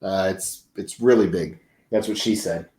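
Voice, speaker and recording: A man's voice: low voice, measured pace, mellow, echoey room. A man hosting a live stream, chatting casually and rambling, swearing freely as he talks to viewers. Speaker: livestream host. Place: large indoor convention venue.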